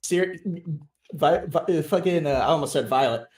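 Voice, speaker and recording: A woman's voice: deep voice, normal speed, darkish tone. A woman player chatting loosely and casually during a tabletop game, swearing freely. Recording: echoey room.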